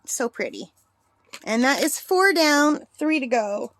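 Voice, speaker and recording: A woman's voice: high voice, sing-song, slow, fairly bright tone, no echo. A middle-aged woman talking casually and rambling as she works on a craft vlog, laughing often. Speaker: craft vlogger.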